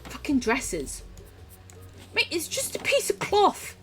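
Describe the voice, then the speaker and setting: Lively British woman streamer chatting. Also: high voice, slow, faint music behind. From United Kingdom. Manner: chatty, swears freely, laughs often. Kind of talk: casual chat while gaming and reading chat.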